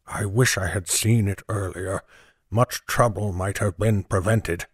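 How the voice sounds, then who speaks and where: A man reading the part of a stern town constable in an audiobook, speaking in a grave, measured way. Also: medium pitch, lively intonation, dry recording, clean studio sound, lightly acted. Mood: hushed earnest. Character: stern middle-aged male town constable.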